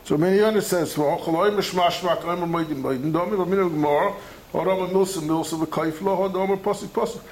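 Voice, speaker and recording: A man leads a Talmud study lecture in a high voice at a slightly fast pace, animated and conversational, acting out the texts he quotes. The recording is rough, with a little hiss or hum.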